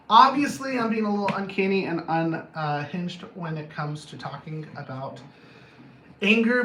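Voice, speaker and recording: Blunt, profane man in an echoey room. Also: on the high side. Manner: blunt, profane, jokey, self-mocking. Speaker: anger management coach. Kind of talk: casual monologue on camera. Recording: roomy echo, faint background noise.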